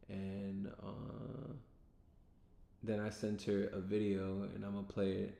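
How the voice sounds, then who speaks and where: A man's voice: completely flat delivery, slow, vocal fry, warm tone. A man vlogging, casually telling a rambling story to his own camera mic, with lots of fillers. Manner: rambling, laid-back, full of fillers. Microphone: self-recorded camera mic. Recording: echoey room with faint rumble.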